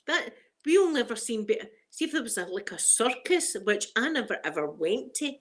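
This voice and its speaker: A woman's voice: on the high side, sing-song, fairly quick. A middle-aged woman with a Glaswegian accent, chatting casually with livestream viewers and laughing often. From Scotland. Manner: chatty, laughs often, strong Scots phrasing. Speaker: ASMR livestream host.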